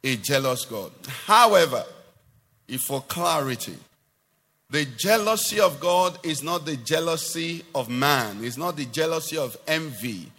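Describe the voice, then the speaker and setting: A man's voice: a little high, animated, a little slow, bright, forceful tone, big-room sound, soft background music. A man preaching a sermon to a congregation, asking questions and rising into emphatic declarations.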